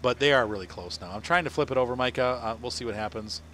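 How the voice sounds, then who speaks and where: A man's voice: medium pitch, fast talker, sharp tone, a little hiss or hum. A man from Ohio chatting casually on a live game stream, rambling and laughing often. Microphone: headset.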